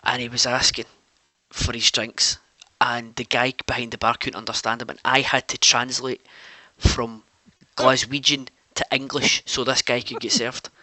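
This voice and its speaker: A man's voice: medium pitch, level tone, moderate pace, sharp tone, no room sound. A Scottish man co-hosting a casual wrestling watch-along, telling stories with lots of stumbling restarts. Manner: chatty storyteller, stumbling restarts. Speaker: podcast co-host.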